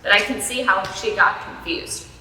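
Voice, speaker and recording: A woman's voice: medium pitch, moderate pace, bright, forceful tone, slight background noise. A woman reading a children's picture book aloud, with chatty asides to her young listeners. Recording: echoey hall, voice from far off.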